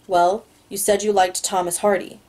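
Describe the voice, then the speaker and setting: A nervous young woman speaks softly and hesitantly, as a female reader voices her. Her tone is mellow and warm. She sounds like a character from a read-aloud romance novel. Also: mid-range voice, flat delivery, moderate pace, lightly acted. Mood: timid. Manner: soft and hesitant.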